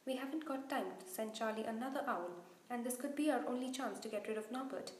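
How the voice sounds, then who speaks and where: Brief: woman reading as a firm, level-headed schoolboy hero, slightly high voice, roomy echo. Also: fast, slight background noise, close to an everyday voice. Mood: determined. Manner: firm, planning.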